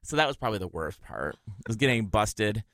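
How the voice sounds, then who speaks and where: A man in his thirties from Minnesota chats on a podcast with a bright, ringing voice. He tells stories animatedly and his pitch leaps up when he quotes others. The sound is close and dry. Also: brisk, no echo. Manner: animated storyteller, jumps high when quoting people. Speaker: podcast co-host. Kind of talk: casual chat.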